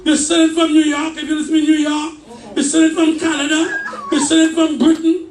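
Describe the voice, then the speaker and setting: A man preaching a fervent sermon in a church, shouting his points with call and response. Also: extremely high pitch, little pitch movement, brisk. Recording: echoey church mic from far off.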